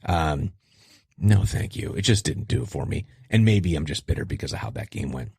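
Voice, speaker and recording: A man's voice: normal speed, gravelly, breathy edge, no echo, clean studio sound. A middle-aged man hosting a podcast, chatting casually with self-deprecating asides. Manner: animated, self-deprecating, jumps in pitch for emphasis. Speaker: podcast host. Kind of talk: casual solo podcast talk.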